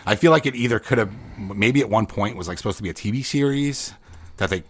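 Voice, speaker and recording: Low-voiced joking man hosting a radio show. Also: quick pace. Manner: joking, playful, swears casually. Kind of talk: casual chat.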